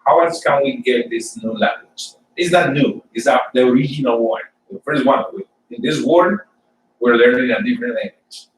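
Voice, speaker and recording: A man from Colombia, giving an informal sermon and personal testimony for a church service, halting and often repeating words as he tells his story. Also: mid-range voice, reverberant, far from the mic, slight background noise, low-quality recording. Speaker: church speaker.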